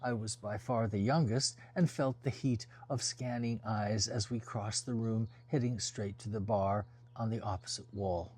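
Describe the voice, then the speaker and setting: A man reading a first-person novel aloud as an audiobook, in a measured, descriptive storytelling manner. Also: fairly low pitch, fairly even intonation, a little mellow, husky. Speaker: audiobook reader.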